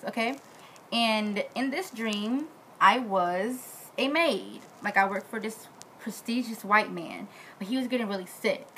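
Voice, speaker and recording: A woman vlogging in a casual, animated way, acting out the quoted voices in her story. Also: a little hiss or hum, low-quality recording. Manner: animated, acts out quotes with big pitch jumps.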